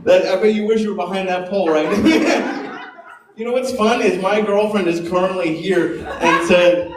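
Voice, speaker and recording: A man's voice: sits high, moderate pace, heavy background noise. A man doing self-deprecating stand-up, chuckling often between jokes. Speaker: stand-up comic. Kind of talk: stand-up comedy. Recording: roomy club sound from a distance. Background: laughing crowd.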